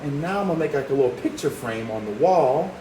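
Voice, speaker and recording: A man teaching drawing talks the viewer through each step with encouragement, as an art teacher giving a demonstration. His mid-range voice moves at a quick pace with lively intonation, over background noise, roomy echo and faint ambience.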